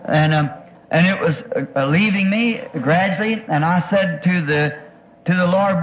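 In a high-pitched voice at a measured pace, a man preaches a sermon testimony. He is earnest, stumbling over words and repeating them as he searches for what to say. The audio is dull and lo-fi, much like an old tape.

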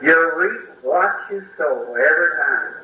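A man's voice: on the high side, animated, unhurried. A man preaching a sermon and telling a personal story with emotional, folksy storytelling and plain country grammar, heard on an old recording. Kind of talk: sermon testimony. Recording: roomy, distant, dull old sermon recording.

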